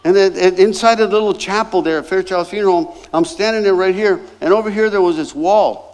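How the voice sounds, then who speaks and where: Older guy pastor telling a funny story from the pulpit, fairly high voice, plays all the parts himself. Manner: animated, acts out voices in his anecdotes. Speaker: guest pastor. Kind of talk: storytelling sermon.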